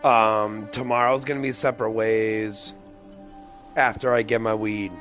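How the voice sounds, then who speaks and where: A man's voice: fairly low pitch, level tone, a little slow, fairly bright tone, faint music behind. A man rambling loosely and profanely through casual gameplay commentary, tipsy and slightly slurring his words. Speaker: gaming streamer.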